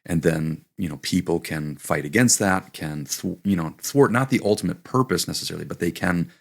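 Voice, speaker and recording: Deep gravelly man thinking aloud. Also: normal speed. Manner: hesitant, restarts often, thinks aloud. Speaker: podcast co-host. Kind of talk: casual Bible study discussion.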